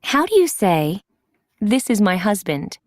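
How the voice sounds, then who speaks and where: As instructor of a recorded language course, a woman reads scripted prompts clearly in a medium-pitched, darkish, sing-song voice at a measured pace. It's a dry studio recording with no room sound.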